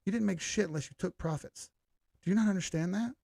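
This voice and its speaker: A man's voice: high-pitched, fast, vocal fry, warm tone, no room sound, clean studio sound. A man hosting a live stream, going over charts in casual talk, blunt and combative as he answers his viewers directly. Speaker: crypto live-stream host.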